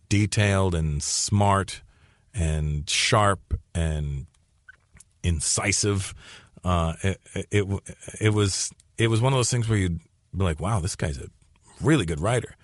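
A comedian in his forties, from Canada, tells stories with quick restarts and repeated phrases. His voice sits low. The recording is dry and close. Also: dry recording. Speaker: comedian guest. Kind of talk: conversational storytelling interview.

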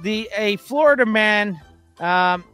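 Male podcast co-host, high-pitched and bright, rambling and ranty news reader. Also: lively intonation, slow, soft background music. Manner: rambling, gets worked up and ranty. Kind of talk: casual podcast chat.

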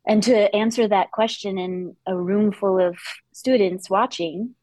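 A woman interview guest, speaking reflectively and openly, with halting restarts, on a close mic. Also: mid-range voice, steady tone, darkish tone, no room sound, low-quality recording. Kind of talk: candid interview conversation.

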